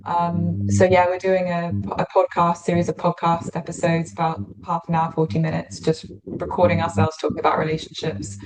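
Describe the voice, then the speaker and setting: Woman, video call, lowish voice, chatty with fillers. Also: monotone, moderate pace, darkish tone, rough recording. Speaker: podcaster, meeting participant. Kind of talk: casual group video call chat.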